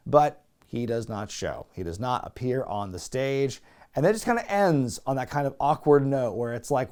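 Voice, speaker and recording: A man hosting a podcast, recapping an event in a casual, animated way and acting out the quotes. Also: moderate pace. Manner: animated, acts out quotes with rising pitch. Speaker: podcast host.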